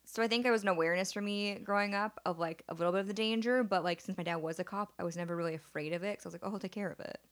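A woman's voice: medium pitch, rapid-fire, hardly any pauses. Rambling young woman telling stories. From Seattle area. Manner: rambling storyteller, lots of likes, laughs through stories. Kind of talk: casual chat.

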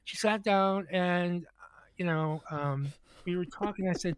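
A man with a high voice tells a long story on a podcast, animated and full of stammered restarts as he acts out what others said. The sound is dry and close, with no room around it. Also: measured pace, clear, resonant tone, dry recording. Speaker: podcast co-host telling a story. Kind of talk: casual storytelling chat.

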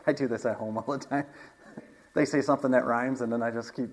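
A man's voice: medium pitch, steady tone, brisk, rough recording. A man preaching in a casual storytelling manner, chatty, with frequent asides, restarts and laughs.

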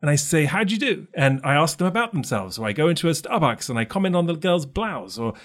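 A man's voice: on the high side, fast talker. A middle-aged man from London with a London accent, chatting casually and acting out the voices of people in his stories. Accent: London English. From London, England. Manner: animated storytelling, acts out quoted voices. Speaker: co-host. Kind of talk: casual chat.

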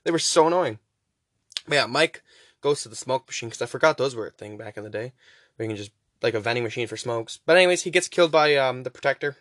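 A young man hosting a podcast, casually rambling through a movie recap with profanity and quick voice impressions. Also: mid-range voice, animated, fairly bright tone, no room sound, clean studio sound. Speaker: podcast host.

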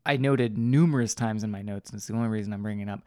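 A man's voice: on the low side, very fast, darkish tone, no echo, studio quality. A man co-hosting a podcast as a film reviewer, talking in a rambling casual way with lots of fillers and easy swearing. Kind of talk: casual chat.

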